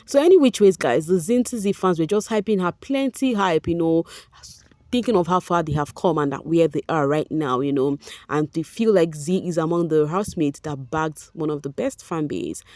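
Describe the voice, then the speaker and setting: A woman's voice: low voice, normal speed, no room sound. A woman with a Nigerian accent hosting a chatty gossip vlog, talking straight to her viewers. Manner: chatty, animated, addresses viewers as guys. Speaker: vlog host. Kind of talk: casual gossip commentary reading fan posts.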